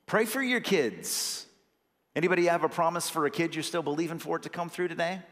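A man's voice: fairly high pitch, lively intonation, fairly quick, a bit bright, big-room sound. A young adult male associate pastor delivering a sermon, earnest and conversational, swelling into emphatic bursts. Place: church sanctuary.

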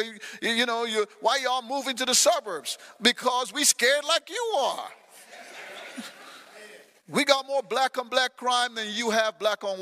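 A male pastor preaching a sermon with passion, swinging between loud shouted cries and quiet low asides. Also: in a large hall. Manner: impassioned preaching, shouts scripture lines. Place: church sanctuary.

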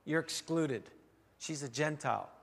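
A man preaching a sermon as pastor, telling a story with wry humor and swings in loudness. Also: on the high side, animated, measured pace, gravelly, breathy edge. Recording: long hall reverb.

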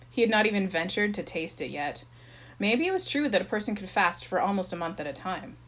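A woman narrating a children's chapter book in a plain, even reading voice. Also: medium pitch, brisk. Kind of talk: storybook read-aloud.

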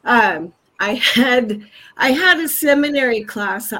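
An older woman on a video call speaking heartfelt thanks, emphatic and halting. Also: a little high, expressive, sharp tone, rough recording. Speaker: conference attendee asking a question. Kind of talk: casual chat.

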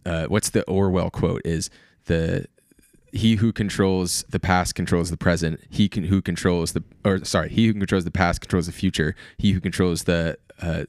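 A man's voice: low voice, fairly even intonation, moderate pace, darkish tone, no room sound, clean studio sound. A man co-hosting a podcast, explaining things in casual chat and often restarting his sentences. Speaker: podcast co-host.

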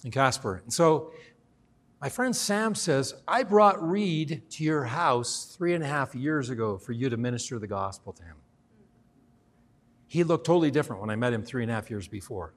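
A man's voice: mid-range voice, animated, fairly quick. A middle-aged man preaching as a guest speaker, telling a personal story and acting out the dialogue. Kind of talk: sermon storytelling.

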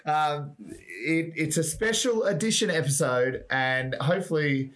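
A man's voice: on the high side, a little slow, a bit bright. A young Australian man co-hosting a podcast in loose, giggly casual chat, a bit tipsy after a few beers. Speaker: podcast co-host.

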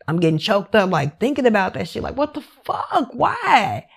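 A woman narrates a true crime case in a loose, conversational way, her voice sitting at an ordinary middle pitch. She talks candidly and with feeling, swears freely and keeps slipping in "like" as she goes. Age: adult parent. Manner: emotional, candid and profane, with many "like" fillers. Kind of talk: casual true crime recap.

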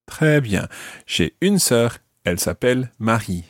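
A man teaching a podcast language lesson, patiently modelling words slowly for the learner to repeat. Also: medium pitch, very animated, no echo, studio quality.

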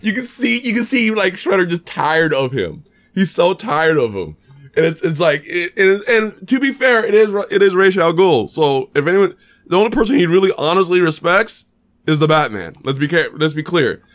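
Excitable, rambling man reviewing a movie. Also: high-pitched, moderate pace. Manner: animated, repeats himself, many restarts and fillers. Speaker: podcast host. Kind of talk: casual movie review chat.

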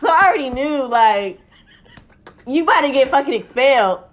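A woman's voice: high-pitched, lively intonation, normal speed. A young woman telling a story in casual chat, acting out the quotes and swearing freely. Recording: dull lo-fi recording.

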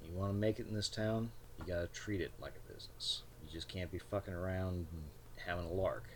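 A man voicing a lanky older gentleman in a bolo tie, folksy and quietly threatening. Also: deep voice, fairly even intonation, brisk, a little hiss or hum. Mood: stern. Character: lanky male gentleman, folksy but menacing boss.

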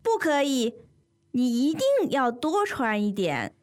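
A firm, insistent parent in a scripted language-lesson dialogue, played by a woman. The voice sits fairly high and moves with lively melody. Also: measured pace. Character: insistent parent telling a child to dress warmly.

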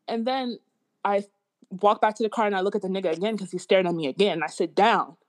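A woman in casual podcast chat, telling a story in slangy, animated talk. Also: mid-range voice, quick pace.

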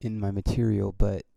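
Gravelly, low-voiced man rambling casually. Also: mellow, no room sound. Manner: rambling, swears often, many restarts. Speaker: podcast host and comedian.

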